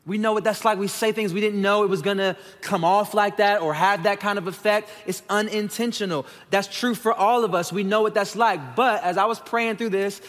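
Here the pastor, a man in his thirties, sounds high-pitched and fairly bright, talking briskly with fairly even intonation and hardly any pauses. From a stage microphone in the sanctuary he delivers a frank, conversational sermon, speaking directly to the congregation as "y'all," with long large-hall reverb.

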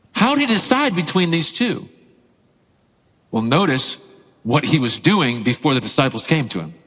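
A man in his thirties, a pastor preaching a sermon, telling a family story with lively acted-out quotes. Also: fairly high pitch, normal speed, big-room sound. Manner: animated storyteller, acts out quotes, laughs often.

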